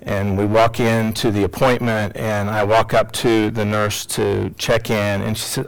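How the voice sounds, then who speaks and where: A middle-aged man, a psychologist and teacher, telling an emotional personal story to an audience, swinging from loud to hushed. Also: on the low side, level tone, measured pace, creaky, few pauses, low-quality recording.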